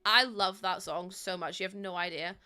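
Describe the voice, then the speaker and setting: A woman's voice: mid-range voice, fairly even intonation, normal speed, bright, forceful tone, smooth. A young woman with a Northern Irish accent, chatting casually and rambling with lots of ums as she streams a game to her chat. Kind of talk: casual livestream chat while playing.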